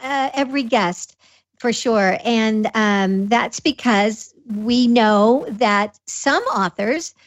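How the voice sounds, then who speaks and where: A woman co-host slowly asking a guest a question, hesitating with frequent ums. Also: a little high, highs cut off. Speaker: radio co-host. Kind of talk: interview questions.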